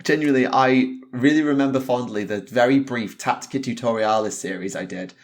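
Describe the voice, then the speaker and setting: A man's voice: mid-range voice, a little fast. A man talks in a mid-range voice on a casual podcast. He rants with emphatic swearing and keeps laughing along. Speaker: podcast host.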